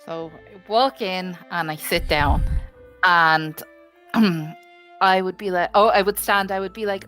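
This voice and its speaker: A woman playing in a tabletop role-play, chatty and quick to giggle. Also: lowish voice, fairly bright tone, faint music behind. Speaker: player.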